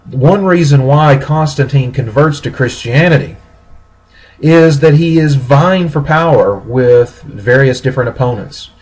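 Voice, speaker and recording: A man giving a recorded history lecture, explaining steadily with pauses and small self-corrections. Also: medium pitch, darkish tone, a little hiss or hum, rough recording.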